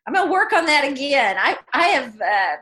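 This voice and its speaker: A woman in her sixties with a bright, clear voice, chatting as a guest author. She talks in a reflective, easygoing way and laughs easily. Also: high voice, very animated, moderate pace. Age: 60s. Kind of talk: casual interview chat.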